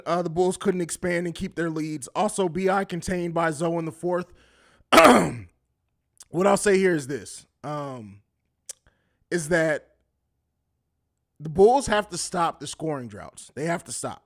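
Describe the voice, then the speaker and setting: A man's voice: fairly high pitch, expressive, measured pace, pauses often. A man hosting a live post-game sports podcast, reading chat comments and answering them in a combative, mocking, trash-talking way. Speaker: podcast host.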